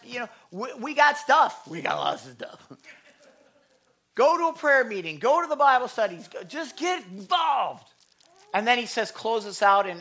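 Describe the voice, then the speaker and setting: A middle-aged man preaching a sermon, with impassioned pleas that rise high and then drop to quiet urging. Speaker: pastor. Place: church without a microphone.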